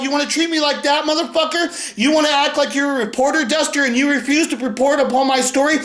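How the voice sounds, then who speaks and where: A man delivering an angry, profane rant to his critics, swearing constantly and bursting into shouts. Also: very high voice, roomy sound. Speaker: commentary video creator.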